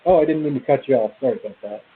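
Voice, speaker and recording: A man's voice: mid-range voice, racing. A man calling in to a talk show, friendly and a bit hesitant and apologetic. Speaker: caller. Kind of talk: casual phone call. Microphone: phone line. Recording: tinny phone line with hiss.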